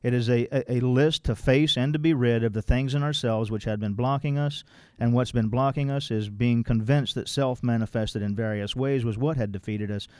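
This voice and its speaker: A man's voice: mid-range voice, fairly even intonation, moderate pace, darkish tone, smooth, dry recording, studio quality. A man leading a recovery workshop, reading from a text and explaining it in blunt, folksy, mildly profane everyday language. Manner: quotes text then explains it plainly. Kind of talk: informal workshop talk.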